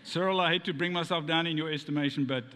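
A man's voice: on the high side, steady tone, fast, noisy background. A man preaching a conversational sermon, full of rhetorical questions and playful asides. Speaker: pastor. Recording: long hall reverb.

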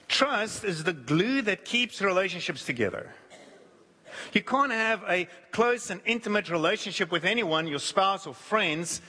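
A man preaching a sermon who acts out quoted voices, shifting his pitch and pace. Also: bright, forceful tone, breathy edge. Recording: long hall reverb.

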